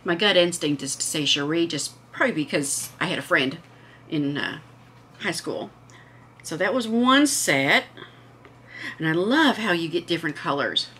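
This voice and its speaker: A woman's voice: fairly low pitch, expressive, moderate pace, fairly bright tone, a little hiss or hum. A woman hosting a casual home vlog, chatting enthusiastically and gushing over what she shows. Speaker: vlog host.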